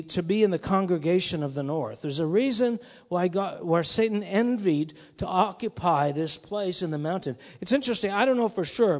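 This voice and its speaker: A man preaching a sermon in a conversational, musing way that rises to emphatic bursts. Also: sits high. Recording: long hall reverb.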